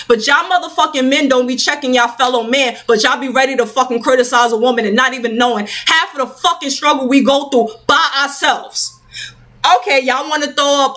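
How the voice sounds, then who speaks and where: A woman with a slightly high voice launches into a heated, profanity-laced rant to her camera at home. She talks in a loose, filler-heavy way. She sounds hot and sweaty from getting so worked up. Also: fairly quick, fairly bright tone. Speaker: mother ranting on a vlog.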